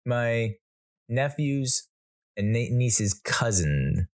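A man's voice: medium pitch, lively intonation, very slow. Rambling man telling funny stories. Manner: rambling, self-correcting, chuckles at own jokes. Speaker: podcast host. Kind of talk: casual storytelling monologue.

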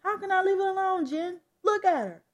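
A woman's voice: sits high, expressive, moderate pace, darkish tone, husky, muffled recording. A woman voicing an upset, protective father who insists on answers in a comic book read-aloud. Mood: agitated.

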